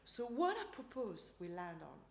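A woman preaching and then leading a group in prayer, earnest and unhurried, sometimes dropping to a soft prayerful voice. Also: mid-range voice, very animated, creaky, a little hiss or hum. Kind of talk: sermon and guided prayer. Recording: echoey room with faint ambience.

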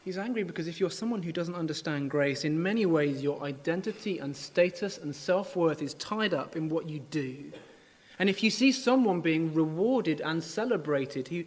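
A man preaches a sermon in a conversational, animated way, voicing the characters when he reads scripture aloud. His voice sits a little high for a man. Long reverb trails behind every phrase. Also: normal speed.

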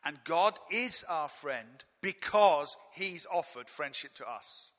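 A man's voice: fairly high pitch, animated, slow, fairly bright tone. A man preaching a straight-talking, emphatic sermon in a church. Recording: long reverb of a hall.

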